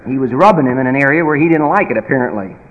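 A man preaching a sermon in an emphatic, folksy manner, swinging from loud bursts to quiet asides. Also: medium pitch, animated, very fast, highs cut off, noisy background. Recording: reverberant hall.

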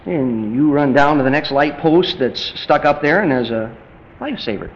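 A man preaching a sermon, animated and rising to emphatic peaks as he drives his points home. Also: a little high, normal speed, dull audio.

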